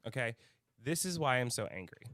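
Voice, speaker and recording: A man's voice: mid-range voice, sing-song, a little fast, a bit bright, no echo. A man co-hosting a casual podcast, his mid-range voice recorded dry and close. He talks with heated anger, swearing often. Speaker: podcast co-host. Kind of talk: casual chat.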